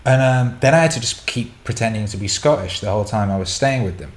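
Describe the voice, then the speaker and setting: A man's voice: lowish voice, quick pace. A middle-aged man hosting a casual chat show, answering listener questions in a candid, rambling storytelling way with repeated words.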